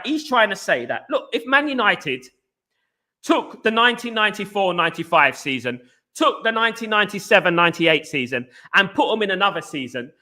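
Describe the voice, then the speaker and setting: Bright-voiced man hosting a live chat. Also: high-pitched. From England. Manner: animated, greets viewers by name with "big up"; rambling with frequent restarts and fillers. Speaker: football fan channel host. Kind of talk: casual live-stream chat.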